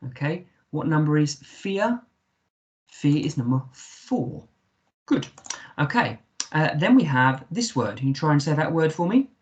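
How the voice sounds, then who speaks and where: A man's voice: fairly high pitch, big pitch swings, unhurried, dull audio. A man with an English accent, a primary school teacher giving a recorded remote lesson, patiently sounding out words letter by letter.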